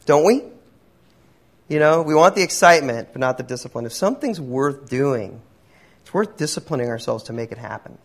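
A man's voice: medium pitch, lively intonation, brisk. A man voicing his practical hunter friend, who speaks firmly and matter-of-factly. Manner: firm and matter-of-fact.

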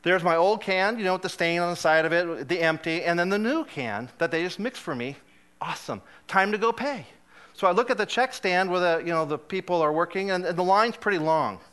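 A man delivers a sermon with an animated, self-deprecating storytelling style. His voice sits high for a man and sounds bright and crisp, and he laughs often at his own mishaps. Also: brisk. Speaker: guest preacher. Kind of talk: sermon with humorous personal story.

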